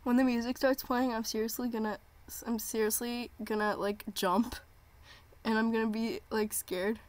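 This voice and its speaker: Speaking at a normal pace in a slightly high voice, a young streamer gushes nervously while she waits live for a premiere. Her live reaction vlog is excited and repetitive, and she sounds jittery.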